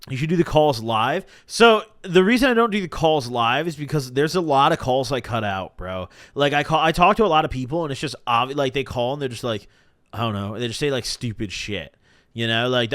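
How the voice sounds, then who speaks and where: A young man hosts a podcast live stream, spinning stories in an animated, casual way full of slang and profanity. His voice sits a little high, and the recording is dry and studio quality.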